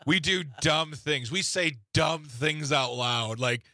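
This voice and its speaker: A man's voice: a little high, takes it slowly, sharp tone, dry recording, studio quality. A man co-hosting a radio talk show, joking and teasing in casual chat. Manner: joking, self-mocking.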